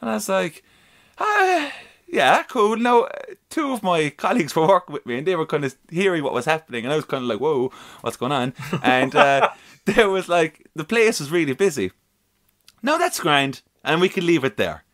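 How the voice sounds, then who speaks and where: A man co-hosting a casual podcast, telling a story in an animated way and swearing freely. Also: fairly high pitch, a little fast. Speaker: podcast co-host.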